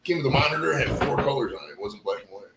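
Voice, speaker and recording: A man's voice: mid-range voice, expressive, rapid-fire, vocal fry, background noise. A man in his forties hosting a casual, joking podcast chat, rambling on. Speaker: podcast host. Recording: echoey room.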